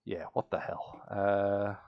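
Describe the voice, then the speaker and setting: A man's voice: fairly low pitch, little pitch movement, takes it slowly, creaky, highs cut off. A man casually recapping an online strategy game, laughing often and acting out the other players' lines. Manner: chatty, laughs often, acts out quoted players. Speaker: podcast host.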